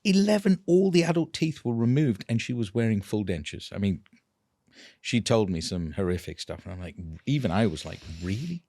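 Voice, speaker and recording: A man, a dental implant clinician telling a patient story in a casual, animated way, laughing often. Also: lowish voice, brisk, no room sound.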